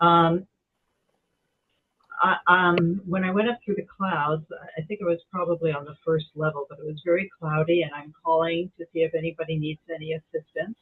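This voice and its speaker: A woman on a video call telling her experience in a meditation group, animated and acting out the voices she heard. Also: fairly low pitch, normal speed, slightly rough. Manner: animated storyteller, acts out quoted voices. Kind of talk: casual chat on Zoom. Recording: tinny phone-like call audio.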